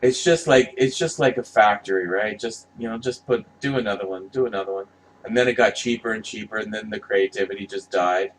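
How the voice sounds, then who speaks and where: A man's voice: fairly low pitch, fairly quick, slight background noise, low-quality recording. A man giving casual, rambling commentary, passionate and profane, often restarting his sentences. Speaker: vlogger reviewing movie posters.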